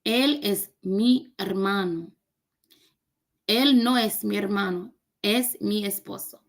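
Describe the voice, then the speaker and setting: A woman with a medium-pitched voice speaks slowly as she learns a language on camera, chatting casually and cracking jokes with her viewers during the recorded lesson.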